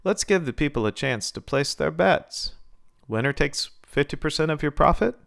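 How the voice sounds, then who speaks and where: A man's voice: fairly high pitch, animated, normal speed, gravelly, fairly bright tone, voice pushed up. A man voicing a confident, teasing young woman Marine officer in a read-aloud story. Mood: defiant.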